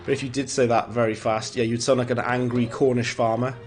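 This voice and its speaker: A man's voice: medium pitch, little pitch movement, brisk. A man giving casual, rambling gameplay commentary as a streamer, chuckling at his own jokes. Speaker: gaming streamer. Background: faint game music.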